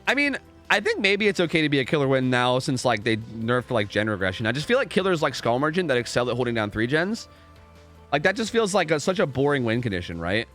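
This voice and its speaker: A man's voice: mid-range voice, big pitch swings, quick pace, fairly bright tone, faint music behind. A young man casually commentating a game live on stream, rambling, repeating himself and swearing freely.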